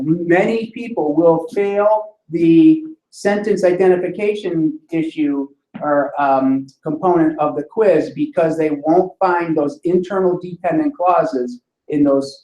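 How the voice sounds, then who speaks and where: A man lectures on sentence structure, explaining patiently and tagging his points with quick questions to the class. His voice sits fairly high and sounds roomy, picked up from a distance in an echoing classroom. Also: a little mellow. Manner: explanatory, checks in with "right?" often. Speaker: instructor.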